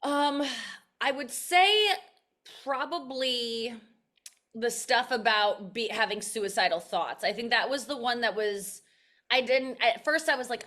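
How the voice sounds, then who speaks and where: A woman comedian in her thirties speaks in a casual interview. Her voice sits on the higher side. She is candid and self-reflective, and she often restarts her thoughts mid-sentence. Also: unhurried, pushed and bright. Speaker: comedian guest.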